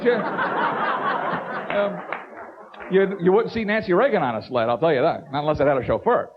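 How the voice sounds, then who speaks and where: A man doing stand-up comedy, animated, stammering through restarts and slipping into impressions. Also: fairly high pitch, moderate pace. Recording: dull lo-fi tape with hiss.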